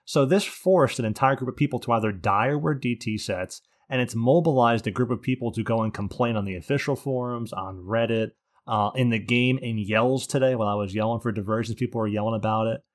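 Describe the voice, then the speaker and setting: Animated sarcastic man ranting. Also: mid-range voice, fairly quick. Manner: animated, sarcastic, swears freely. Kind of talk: casual gaming chat.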